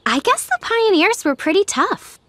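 A woman's voice: extremely high pitch, very animated, normal speed, a bit bright, no room sound, pitched above the performer's own voice, full character voice. A woman voicing a curious, eager young schoolgirl in a children's storybook. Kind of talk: storybook character voice.

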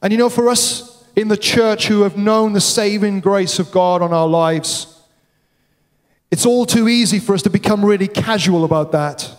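A man preaching in a church, his fairly high voice carrying through a long reverberant hall. He drives points home by repeating key words, sometimes sinking low and quiet for solemn lines. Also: moderate pace. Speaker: pastor. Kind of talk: sermon.

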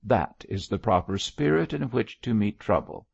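A man reading an audiobook, voicing a blunt doctor who exhorts his friend firmly and briskly. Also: fairly low pitch, animated, gravelly, darkish tone, dry recording, dull audio. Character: blunt, firm middle-aged male doctor.

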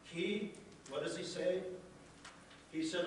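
Pastor guy preaching, bit high voice, heard from far off in a boomy church with noise. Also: animated, measured pace. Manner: preaching with rhetorical questions and dramatized quotes. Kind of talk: sermon. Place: church sanctuary. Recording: echoey church from a distance with noise.

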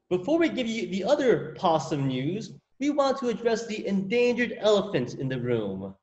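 A man's voice: sits high, wildly swooping pitch, a little slow, a little mellow, muffled recording, full character voice. A man in a sketch comedy parody, playing the meek, goofy husband of a sanctuary owner.

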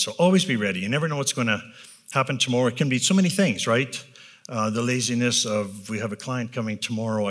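A man in his fifties speaks plainly to a live audience about his own habits, in a bright, forward voice. He is candid and self-deprecating, wandering through his points with restarts and a habitual "right?". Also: fairly low pitch. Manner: rambling, with restarts and filler pauses. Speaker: business leader giving a talk. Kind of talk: personal talk to a live audience.

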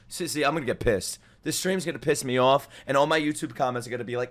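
A man reacting to a video as a streamer, talking loudly and excitedly, swearing often and breaking into sudden outbursts. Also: mid-range voice, fast, few pauses. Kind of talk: anime reaction commentary.

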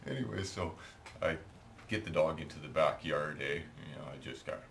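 A man's voice: rumbling low, a little fast, creaky, a bit bright, slight background noise. A middle-aged Canadian man with a Canadian accent, telling a rambling, chatty story while painting at home, tagging his lines with "eh". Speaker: hobby painter and video maker.

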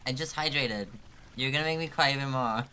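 Swearing, bright-voiced male game streamer. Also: medium pitch, fairly quick, a little hiss or hum. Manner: frequent swearing, laughing through frustration; talks to chat, thinking aloud. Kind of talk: live gameplay commentary.

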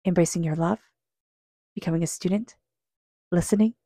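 Woman, tarot reader, gravelly, mellow tone, earnest, speaks to the listener. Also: lowish voice, fairly even intonation, normal speed, no room sound, clean studio sound. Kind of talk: psychic tarot reading.

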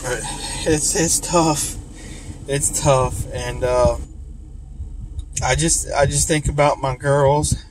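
A man, talking in a halting, emotional, tearful way in a confessional vlog, full of restarts and apologies. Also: medium pitch, level tone, rough recording. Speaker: vlogger in recovery. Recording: outdoor recording with loud traffic noise.

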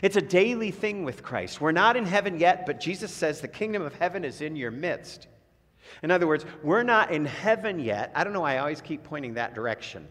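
A man preaching a sermon as pastor. He rises in pitch and force on key phrases and drops low to close his thoughts. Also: expressive, a little fast, a bit bright. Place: church sanctuary. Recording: long church reverb.

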